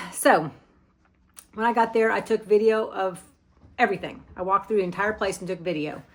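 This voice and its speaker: A middle-aged woman from Arkansas hosting a knitting vlog, chatting to camera in a rambling, friendly way with fillers and restarts. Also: mid-range voice. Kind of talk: casual chat to camera.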